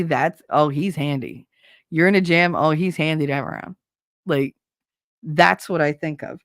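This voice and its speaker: A woman's voice: sits low, no echo, studio quality. A woman from New Jersey with a Jersey accent and a slight Southern twang, hosting a podcast as casual, opinionated chat, blunt and profane. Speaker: podcast host.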